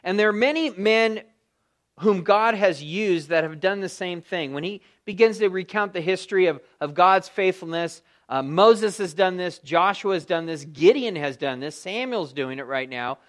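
Pastor guy w a high voice doing bible study, casual, lots of ums and restarts. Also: expressive, moderate pace. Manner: conversational, thinking aloud with fillers and restarts. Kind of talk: verse-by-verse Bible teaching.

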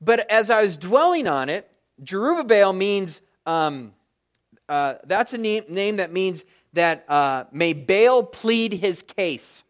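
A man's voice: sits high, animated, takes it slowly. A man, a pastor, teaching verse by verse through a Bible passage in a conversational way, thinking aloud with fillers and restarts.

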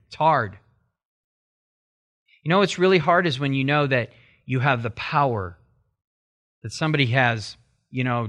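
A man preaching a Bible sermon with a bright, forceful voice. He teaches conversationally and swings into loud, high-pitched bursts when he acts out inner arguments. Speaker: pastor.

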